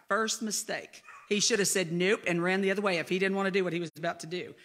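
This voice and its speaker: Middle-aged woman pastor, bright clear voice, candid and self-deprecating storytelling from the pulpit. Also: lowish voice, steady tone, fast talker, few pauses. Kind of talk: sermon. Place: church sanctuary.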